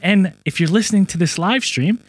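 A man co-hosting a podcast, his voice pitched a little high and sounding close and dry. He chats loosely, laughs easily and restarts his sentences over a remote call. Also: a little fast, no room sound. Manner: chatty, laughs often, rambling restarts. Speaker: podcast co-host. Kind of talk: casual chat. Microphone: remote call mic.

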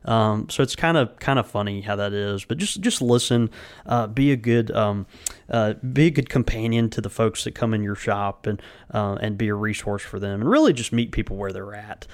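A man hosting a casual podcast, speaking in a halting way with frequent fillers, restarts and easy laughter. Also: fairly low pitch. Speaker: podcast host. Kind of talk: casual podcast chat and sponsor read.

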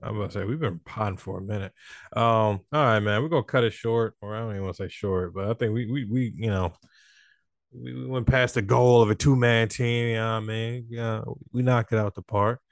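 A man hosting a podcast, talking in an animated, slangy, casual way. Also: on the low side, brisk, no echo, studio quality. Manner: animated, slangy, swings into exaggerated voices. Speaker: podcast host. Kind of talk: casual chat.

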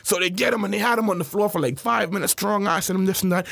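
A man co-hosting a podcast, telling stories from his childhood in a loose, animated way and acting out the voices of the people in them. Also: high-pitched, very fast, gravelly, few pauses, slightly rough, dry recording. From South Florida. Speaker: podcast co-host. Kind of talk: casual storytelling chat.

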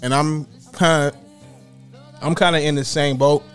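A man's voice: on the high side, fairly even intonation, a little slow, a bit bright, smooth, soft background music. A man chatting casually with friends, telling stories animatedly with heavy slang and profanity. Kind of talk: casual chat among friends.

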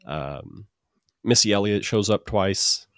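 A man's voice: fairly low pitch, lively intonation, slow pace, fairly bright tone, no echo, clean studio sound. A man co-hosting a podcast in casual chat, with many restarts and fillers. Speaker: podcast co-host.

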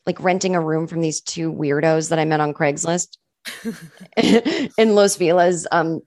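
Woman comic guest rambling through stories, says like a lot, lowish voice. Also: steady tone, a little slow, a little mellow, dry recording, studio quality. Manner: chatty, fills speech with "like", acts out quoted people. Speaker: guest comedian. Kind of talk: casual podcast interview storytelling.

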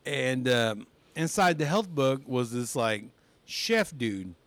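A young man with a mid-range voice, a comedian guest on a podcast, talks slowly in a dry recording. He tells animated stories in casual chat, laughing often as he speaks.

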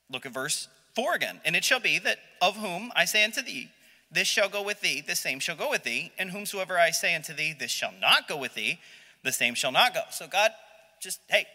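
A man leads a Sunday school Bible lesson in a high, bright, lively voice that swings all over the place. He jokes and acts out the people in the story. The room gives a long echo. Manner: animated, jokey, acts out voices of Bible characters. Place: church classroom. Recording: long hall reverb.

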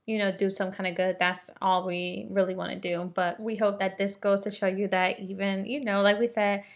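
A woman's voice: medium pitch, little pitch movement, normal speed. A young woman co-hosting a podcast, chatting casually and emotionally, laughing through tears. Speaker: podcast co-host. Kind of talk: casual chat.

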